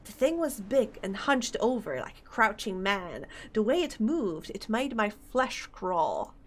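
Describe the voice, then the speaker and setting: A woman reading game dialogue aloud, voicing a gruff, superstitious old fisherman who boasts in a rustic dialect. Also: mid-range voice, big pitch swings, measured pace. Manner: rustic dialect, dropping grammar.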